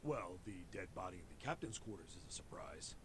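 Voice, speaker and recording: A man's voice: low voice, lively intonation, a little fast, background noise. An actor voicing a blunt, practical man in a video game, laying out facts plainly. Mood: matter-of-fact. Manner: matter-of-fact, explaining.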